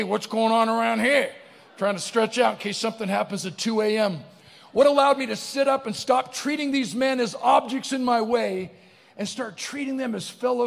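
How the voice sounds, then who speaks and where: A middle-aged man giving a comic, animated motivational speech, telling a story to a live audience. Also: high-pitched, vocal fry. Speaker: keynote speaker. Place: large barn event venue, live audience. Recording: long hall reverb.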